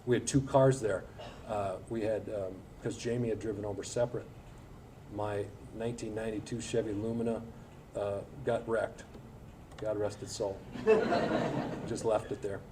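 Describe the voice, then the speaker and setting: A man's voice: on the low side, far from the mic, background noise. A man in his forties, an alumni guest speaker, telling anecdotes to an audience in a folksy, humorous way with lots of filler words. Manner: folksy storytelling with frequent filler words and self-deprecating humor. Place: event hall at a school breakfast.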